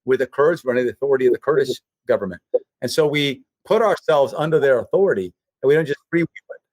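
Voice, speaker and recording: A man's voice: mid-range voice, animated, quick pace, a little mellow, dry recording. A man on a remote call, telling personal stories earnestly with repeated emphatic phrases. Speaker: guest, humanitarian relief leader. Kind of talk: emotional personal storytelling.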